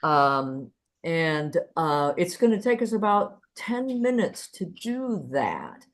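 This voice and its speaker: A woman's voice: fairly low pitch, sing-song, slow pace. A woman hosting an online show over a video call, chatty and full of ums and uhs. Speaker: host.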